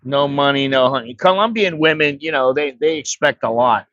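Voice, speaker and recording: A man's voice: mid-range voice, moderate pace, a bit bright, no room sound. An American man telling a rambling, profane story in a blunt, casual way as an expat vlogger. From United States. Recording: dry, slightly dull recording.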